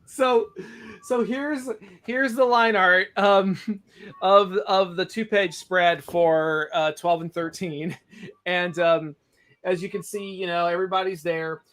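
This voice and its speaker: A man's voice: high voice, fairly even intonation, slow pace, a bit bright. A man chatting casually on a livestream about his comic art, rambling and joking at himself. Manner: rambling, self-mocking, trailing off. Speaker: comic artist.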